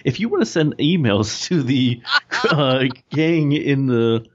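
A man running a tabletop game in a relaxed, organizing way, on a dull lo-fi recording. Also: medium pitch, slow, noisy background. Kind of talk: casual tabletop game chat.

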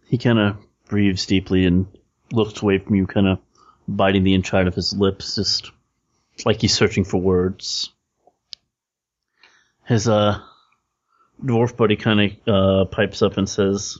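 A man's voice: fairly low pitch, little pitch movement, moderate pace, a little mellow, lo-fi sound. A man narrating a tabletop game as game master, talking casually with hesitant fillers.

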